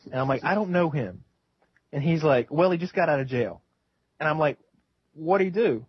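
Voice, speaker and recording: A man's voice: on the high side, expressive, moderate pace, husky, no echo. A young man in casual chat, eagerly telling a story and acting out the quotes. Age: young adult. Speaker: podcast co-host. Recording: dull lo-fi audio.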